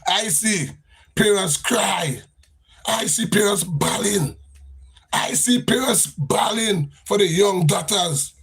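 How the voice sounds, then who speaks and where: Husky high-voiced Grenadian man ranting. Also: takes it slowly, a bit bright. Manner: impassioned, repetitive, sing-song cadence. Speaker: livestream host. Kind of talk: political rant on a livestream.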